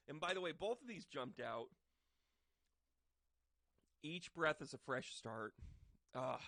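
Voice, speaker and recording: A man giving a casual tarot reading to camera, chatty and joking, with bursts of loud emphasis. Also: a little high, sing-song, slow, gravelly, pauses often, no echo. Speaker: tarot reader and medium. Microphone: microphone.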